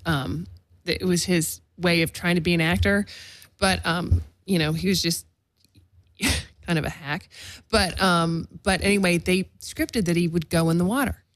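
A woman's voice: lowish voice, no room sound. Chatty woman hosting an interview. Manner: relaxed, chatty, uses fillers like "you know" and "like". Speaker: podcast host. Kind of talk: casual interview chat.

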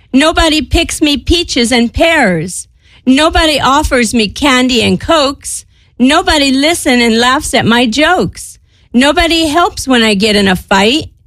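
A woman reciting a children's poem in a gentle, measured way. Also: high-pitched, no room sound.

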